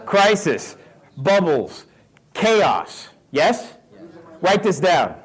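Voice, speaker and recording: Middle-aged Southern American man, fairly high-voiced motivational speaker who works the crowd with questions and laughs. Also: unhurried, husky. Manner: animated, questions the audience, laughs often. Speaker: real estate investor speaking to a live audience. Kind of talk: motivational talk.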